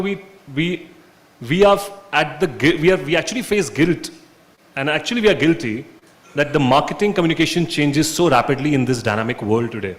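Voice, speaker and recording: A man who speaks as a brand marketer on a conference panel, making firm, emphatic points and repeating key phrases. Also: fairly high pitch. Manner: firm, emphatic statements with repetition. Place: conference venue.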